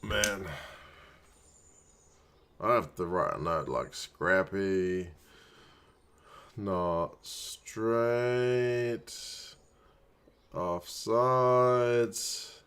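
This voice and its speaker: A man's voice: low voice, extremely slow, long pauses, a bit bright, smooth. Man muttering live rugby reactions. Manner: muttered reactions, urging players on. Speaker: watch-along stream host. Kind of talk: casual live match commentary.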